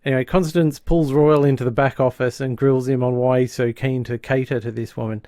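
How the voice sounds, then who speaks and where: A man's voice: medium pitch, steady tone, dark tone, no room sound, clean studio sound. A man chatting casually as a podcast co-host, retelling a sitcom episode and acting out the characters' lines. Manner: acts out characters' lines in quick impressions.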